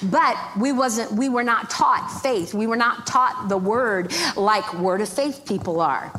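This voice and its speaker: A middle-aged woman, a guest minister, telling a lively storytelling sermon, acting out other people's voices and laughing often. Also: fairly high pitch, a little slow. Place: church sanctuary. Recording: reverberant church hall, faint background noise.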